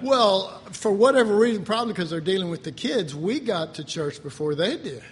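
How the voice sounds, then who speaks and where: An older pastor delivers a sermon in a homey, storytelling way, chuckling and clearing his throat as he goes. His voice sits fairly high for a man and rings with a long reverb, as in a church sanctuary, over a faint hum of ambience. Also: lively intonation, moderate pace.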